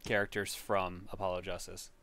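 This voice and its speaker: A man co-hosting a podcast, chatting casually about games in a quick, matter-of-fact, teasing way. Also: low-pitched, little pitch movement, sharp tone. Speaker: podcast co-host. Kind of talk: casual game chat.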